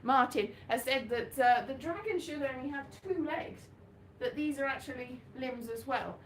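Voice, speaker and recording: A woman's voice: high-pitched, moderate pace, a little hiss or hum. A woman from Wales doing live stand-up with slides, in a rambling, chatty, self-mocking way. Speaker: stand-up comedian. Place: small venue. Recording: echoey live room.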